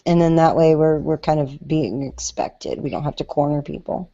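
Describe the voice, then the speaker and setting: A woman's voice: low-pitched, steady tone, moderate pace, warm tone, dull audio. A woman hosting a podcast in casual chat, talking in a chatty, hesitant way with many fillers. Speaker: podcast host.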